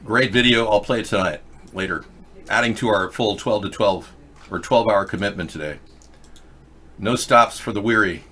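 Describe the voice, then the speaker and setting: Older male host, low bright voice, rambling opinionated commentary, loose and unscripted. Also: moderate pace, long pauses, breathy edge. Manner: rambling, opinionated, with restarts and fillers. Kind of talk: casual commentary on video clips.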